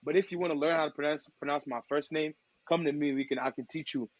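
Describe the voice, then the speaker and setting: A man from Togo talks as a guest on a casual podcast, with a fairly high voice. He keeps the talk loose and slangy and mimics the people he quotes. The recording sounds a little dull and very dry. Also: fairly even intonation, quick pace, no room sound. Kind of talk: casual storytelling chat.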